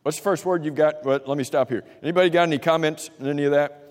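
A man's voice: fairly high pitch, steady tone, fast talker. A man teaching an interactive Bible class, questioning the group and repeating their answers in a conversational way, with restarts. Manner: conversational, with frequent restarts and fillers. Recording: long reverb in a hall.

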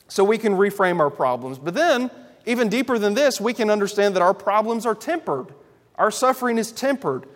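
A man preaching a sermon to a congregation, emphatic and building through loud repeated lists. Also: high-pitched, long reverb tail. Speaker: pastor.

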